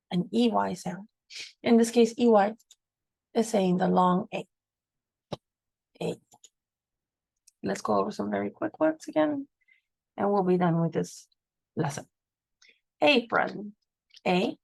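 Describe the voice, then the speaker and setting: A woman's voice: medium pitch, vocal fry, darkish tone, no echo, poor audio. A woman teaching a phonics lesson, patiently sounding out words and spelling them letter by letter.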